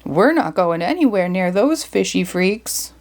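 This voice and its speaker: A woman voicing a goofy, cowardly teenage boy who is always hungry, talking in a high, jittery way. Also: very animated, unhurried. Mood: nervous.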